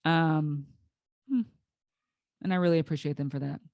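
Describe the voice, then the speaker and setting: A woman's voice: sits low, steady tone, normal speed, vocal fry, darkish tone, dry recording, lo-fi sound. A woman hosting a solo podcast, telling her own story in a candid, emotional way, close to tears at times and full of restarts and fillers. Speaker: podcast host.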